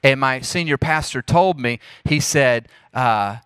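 A man in his thirties with a Southern US accent, giving a lively, preacherly leadership talk to a youth group and speaking straight to the audience. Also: mid-range voice, measured pace, clear, resonant tone, dry recording, clean studio sound. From Jackson, Mississippi.

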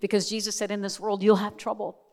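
A woman's voice: mid-range voice, flat delivery, fast talker, darkish tone. A middle-aged woman giving a sermon, telling a family story with earnest, emotional emphasis that rises and falls. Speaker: speaker at a church service. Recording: long hall reverb.

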